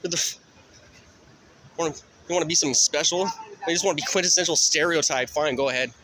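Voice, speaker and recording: Cars pass faintly and the street hums as a man vlogs his nighttime city walk, talking fast in a sharp, somewhat high voice. He rambles and curses, following whatever thought comes next.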